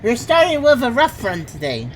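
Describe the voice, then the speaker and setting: A woman's voice: a little high, huge pitch swings, normal speed, a crowd in the background. A woman streaming a game, chatting casually and thinking aloud as she plays, laughing often. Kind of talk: casual gameplay commentary.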